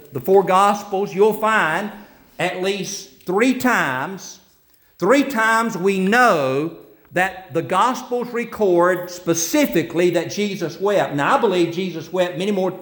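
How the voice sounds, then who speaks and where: A man's voice: high voice, fairly bright tone. A man preaching a sermon as pastor, earnest, repeating himself and restarting phrases.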